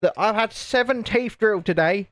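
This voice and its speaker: A man's voice: high-pitched, normal speed, no room sound. A man chatting casually and joking as co-host of a live stream. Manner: joking, rambling. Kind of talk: casual chat.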